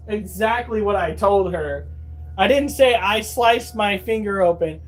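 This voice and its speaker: A man's voice: high-pitched, measured pace, soft background music. A man in his thirties vlogging at home, telling stories to his viewers in a chatty, swearing, casual way. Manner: chatty, swears freely, acts out quotes.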